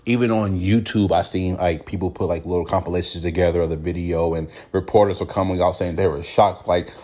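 A man's voice: low voice, steady tone, fairly quick, warm tone. A man with a Californian accent, hosting a casual solo commentary podcast and acting out other people's reactions in quoted voices. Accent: Californian English. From United States. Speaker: podcast host.

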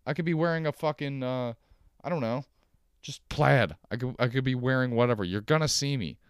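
A man's voice: mid-range voice, fairly quick, clean tone, no room sound, clean studio sound. A young man hosting a solo comedic podcast from his couch, ranting sarcastically and swearing often. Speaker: podcast host. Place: at home on a couch.

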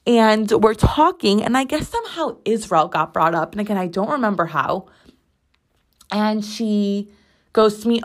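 A young woman hosting a weekly show, telling a story in a casual, animated and sarcastic way, full of rambling asides. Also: mid-range voice, measured pace. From United States. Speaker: podcast host.

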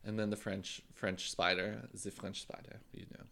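A woman co-hosting a podcast in casual chat, animated and playful. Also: rumbling low, normal speed, gravelly. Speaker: podcast co-host.

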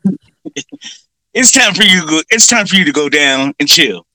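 A man's voice: a little high, lively intonation, normal speed, pushed and bright, no room sound, low-quality recording. A man in casual comedic chat, chiming in with short agreements and jokes. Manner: laid-back, chimes in with short agreements and jokes.

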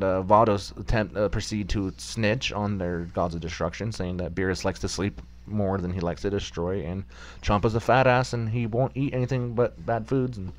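A man co-hosting a casual podcast chat, rambling as he recaps an episode and acts out the characters' lines. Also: fairly low pitch. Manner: rambling, animated retelling with acted quotes. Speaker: podcast co-host.

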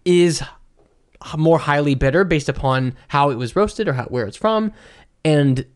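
A man's voice: on the high side, expressive, unhurried, clean tone. A man co-hosting a casual podcast chat, hesitant and full of fillers. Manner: hesitant, many fillers, reads tasting notes.

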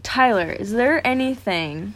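A woman's voice: on the high side, a little slow. A woman who teaches, co-hosting a casual podcast chat. She wanders from tangent to tangent, talks herself down, and acts out little voices as she tells stories. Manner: rambling, self-deprecating, jumps between tangents; animated storytelling with voiced asides. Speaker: podcast co-host.

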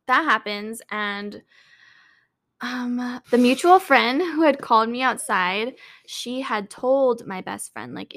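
A woman co-hosting a podcast tells a story in a casual, chatty way, packed with "like" and "um" and swearing freely. Her voice is mid-range with a fairly bright tone.

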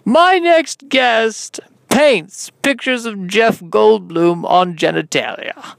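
A man putting on a pompous male talk-show host who announces guests in a slow, drawn-out way. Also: sits high, creaky, a bit bright, dry recording, voice pushed up, full character voice. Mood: grand, showy. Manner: drawn-out, grandly announcing delivery.

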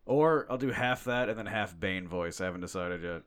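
A man's voice: sits low, moderate pace, a bit bright, clear, resonant tone. Crude, joking young man, podcast host. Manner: crude, jokey, swears a lot. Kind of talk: casual podcast banter.

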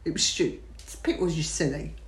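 A woman's voice: low voice, fast. A woman co-hosting a podcast, chatting casually, blunt and teasing, often laughing. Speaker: podcast co-host. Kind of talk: casual chat.

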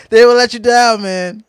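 High-voiced man teasing and laughing. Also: clean tone, no echo. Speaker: podcast co-host. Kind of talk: casual sports debate.

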